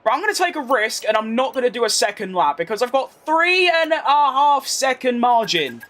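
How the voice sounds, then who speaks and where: Lively London streamer playing a racing game. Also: male voice, very high voice, fairly quick. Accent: London English with a posh tinge. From England. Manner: chatty, reads chat aloud, rambling asides. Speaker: gaming streamer. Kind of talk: live racing game commentary.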